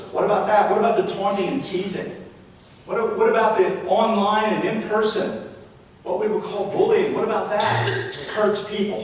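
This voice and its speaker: Man speaking in an echoey hall. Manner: storytelling with rhetorical questions. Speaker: presenter. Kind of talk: live public talk to parents and educators. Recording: echoey hall, distant mic, faint rumble.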